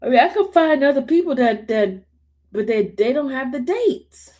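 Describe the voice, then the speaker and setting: A woman's voice: high voice, expressive, moderate pace, darkish tone. A woman host chatting casually with her livestream viewers, in a drawling, slangy way, often breaking into helpless laughter and calling on the Lord. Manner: laughing helplessly between words. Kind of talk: casual chat with live viewers.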